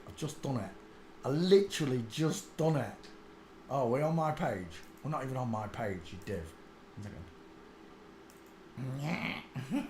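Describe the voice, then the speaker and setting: A man's voice: a little high, a little hiss or hum. A man, rambling crudely through a casual live stream and mocking himself. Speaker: host. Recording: echoey room.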